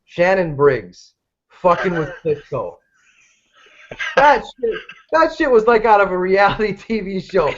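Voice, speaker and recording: Male co-host, high voice, crude emphatic rants, muffled lo-fi sound. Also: sing-song, unhurried, pauses often, fairly bright tone, slight background noise. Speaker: podcast co-host. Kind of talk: casual profane chat. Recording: dull lo-fi podcast audio.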